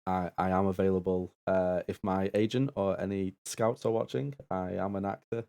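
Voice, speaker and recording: A man's voice: low voice, steady tone, normal speed, gravelly, warm tone. A man co-hosting a live-streamed game show, moving things along with jokey, self-mocking remarks. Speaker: game show assistant and co-host.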